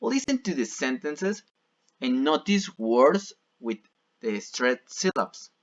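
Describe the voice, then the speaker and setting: Slow, patient male English teacher. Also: mid-range voice, sing-song, highs cut off. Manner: repeats and rephrases each example patiently. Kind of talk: bilingual classroom explanation.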